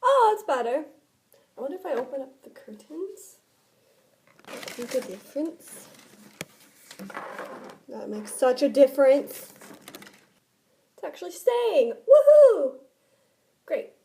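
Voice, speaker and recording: A woman with a high, bright-pitched voice talks casually to her camera in a home vlog. She rambles from thought to thought and sprinkles "like" through nearly every sentence. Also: very animated, measured pace, gravelly, pauses often. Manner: rambling, chatty, many filler "like"s. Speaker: vlogger. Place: indoors at home, by a window.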